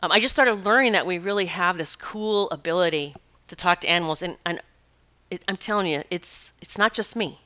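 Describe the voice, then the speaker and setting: She works as a spiritual teacher and narrates stories in an informal monologue, laughing often and speaking with animation and emphasis. Her voice is on the low side, and she talks briskly.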